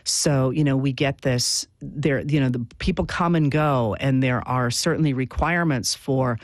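A male professor explains history in an earnest, halting way, often stopping and restarting his sentences. His voice sits in a middle register. The recording is close and dry on a studio mic. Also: medium pitch, dry recording. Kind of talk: explanatory interview answers.

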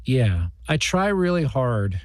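A man's voice: medium pitch, sing-song, slow pace, no echo. Reflective, rambling male actor interviewed. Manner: reflective, rambling, many fillers and restarts. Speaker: guest actor. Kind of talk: interview conversation.

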